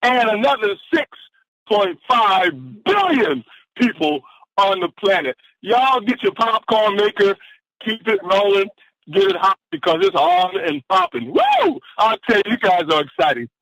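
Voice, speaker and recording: An excited man on a conference call cheers and whoops his way through a motivational pep talk. His voice sits high and swings widely, with a gravelly edge. The sound is dry and close. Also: unhurried, dry recording, lo-fi sound. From Atlanta, Georgia. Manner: exuberant, whooping, preacher-like delivery. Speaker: caller giving motivational quotes. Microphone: phone line.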